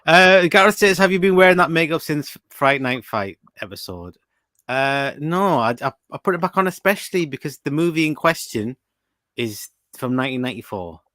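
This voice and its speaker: A man's voice: fairly high pitch, lively intonation, normal speed, pushed and bright, no room sound, clean studio sound. A young British man hosting a casual podcast chat, teasing his co-host and reading out quiz questions and listener comments. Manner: chatty, teasing, reads listener comments aloud.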